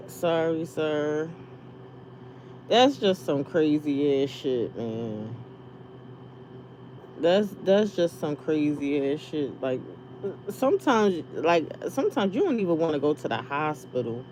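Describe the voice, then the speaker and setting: A woman's voice: low-pitched, sing-song, slow, long pauses, warm tone, slight background noise. A woman venting casually to her viewers, rambling, swearing and laughing as she tells stories. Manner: profane, laughing, rambling storytelling. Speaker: live streamer.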